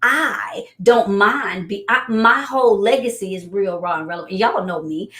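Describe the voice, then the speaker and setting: A middle-aged woman chatting as a guest business coach, telling animated stories and acting out quotes. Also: normal speed. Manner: animated storyteller, acts out quotes in high voices. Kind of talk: casual chat. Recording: echoey room.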